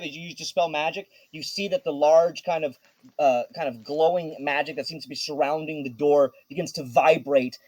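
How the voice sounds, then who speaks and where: Man game master, slightly high, hesitant narration in a dry room. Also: darkish tone, dry recording, rough recording. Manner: hesitant, many restarts.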